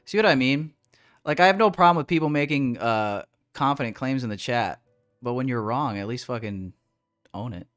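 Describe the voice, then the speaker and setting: A man's voice: medium pitch, animated, normal speed, a bit bright, soft background music. A young man hosting a trading livestream, ranting casually and profanely at his chat with big swings in energy.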